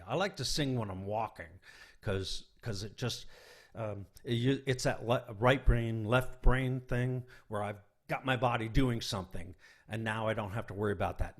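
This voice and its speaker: A man leading a songwriting workshop over a video call, talking loosely with fillers and restarts and scat-singing melody examples. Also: medium pitch. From North Carolina, USA. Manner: rambling, with filler words and restarts, scat-sings rhythms. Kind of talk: informal workshop talk. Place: home, virtual workshop.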